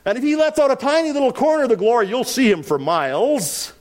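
A middle-aged man preaching an expository sermon, swinging between loud emphasis and quiet asides. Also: very high-pitched, lively intonation, quick pace. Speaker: pastor.

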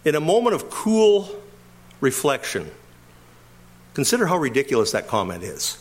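Male pastor, somewhat high voice, emphatic teaching delivery with rhetorical questions. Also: wildly swooping pitch, normal speed, long pauses, husky. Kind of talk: expository sermon.

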